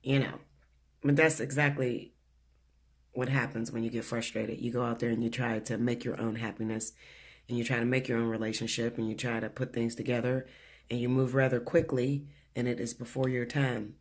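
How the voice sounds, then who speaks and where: A man's voice: mid-range voice, level tone, a little fast. A man giving a casual weekly tarot reading from his living room, blunt and chatty, swearing freely and laughing often. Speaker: tarot reader.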